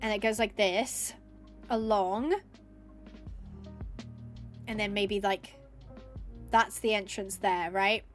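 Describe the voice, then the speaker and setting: A woman's voice: mid-range voice, fairly even intonation, slow pace, pauses often, soft background music. A young woman streaming a building game, thinking aloud in casual chat and gushing with thanks, teary and a bit snotty. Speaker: Minecraft streamer. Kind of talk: casual live-stream chat while gaming.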